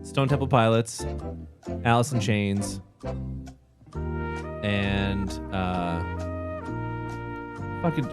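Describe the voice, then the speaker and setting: A man's voice: fairly low pitch, extremely slow, pauses often, loud music behind the voice. A man co-hosting a casual podcast chat, cracking dry jokes. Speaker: podcast co-host.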